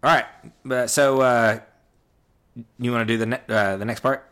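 A thoughtful man unpacks a song's meaning in easy conversation, eager and sincere. His voice is bright and forceful, at an ordinary middle pitch. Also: fairly even intonation, normal speed. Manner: earnest, reflective, eager to explain meaning. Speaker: co-host discussing songs. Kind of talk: casual chat.

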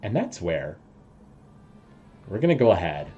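Game master, male, very deep voice, unhurried deliberate narration. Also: sing-song, mellow, lo-fi sound.

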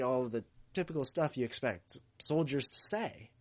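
A man's voice: medium pitch, brisk, few pauses. A man co-hosting a fan podcast in casual chat, laughing often and restarting his sentences. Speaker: podcast co-host.

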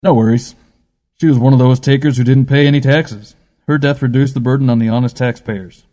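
A man voicing a cold, impatient male spirit guide who lectures loudly and dismissively. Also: medium pitch, steady tone, brisk, in a large hall, lightly acted.

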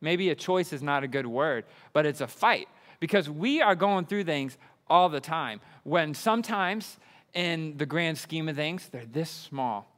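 Young excitable male pastor, slightly high voice, hall reverb. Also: unhurried. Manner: enthusiastic, excitable. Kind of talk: sermon.

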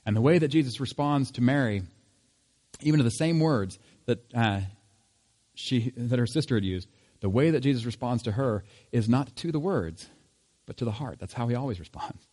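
A man's voice: medium pitch, moderate pace, darkish tone. A man preaching a sermon in a conversational tone, asking rhetorical questions. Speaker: pastor.

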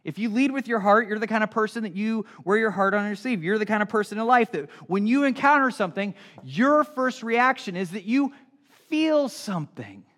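A man's voice: sits high, fairly quick. A middle-aged male pastor preaching a sermon in a conversational style, acting out little everyday scenes as he goes. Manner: animated, conversational preaching with acted-out asides.

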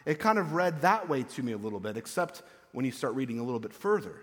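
A man preaching a conversational sermon as pastor, casual and animated, now and then acting out what he quotes. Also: medium pitch, fast talker. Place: church. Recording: echoey church hall.

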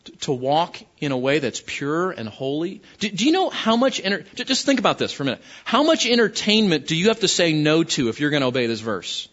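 A man's voice: a little high, big pitch swings, a little fast, a bit bright, muffled recording. A man pastor preaching a conversational sermon, often restarting his phrases.

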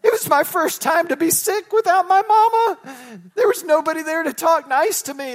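A man playing a bawling homesick teenage boy. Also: high-pitched. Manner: whiny, tearful wailing. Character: homesick teenage boy crying for his mama.

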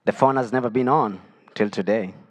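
A man from Africa standing before a church, sharing his testimony. He tells it with feeling, his voice lifting high in the joyful moments and sinking low in the hard ones. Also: brisk, long reverb tail. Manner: emotional storytelling, voice rising and dropping with the story. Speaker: guest speaker sharing testimony.

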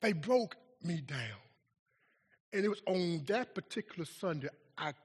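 A man preaches a sermon in a large hall with a long, ringing reverb. His slightly husky voice sits high for a man and rises and falls widely. He swings from booming, shouted lines down to hushed, near-whispered ones. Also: expressive, a little slow. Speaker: pastor. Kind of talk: sermon with storytelling.

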